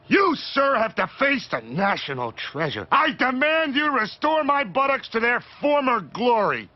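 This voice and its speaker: A man voicing a pompous, indignant robot gentleman. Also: very high-pitched, very animated, unhurried, exaggerated voice. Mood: outraged. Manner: huffy, outraged. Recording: dull film clip audio.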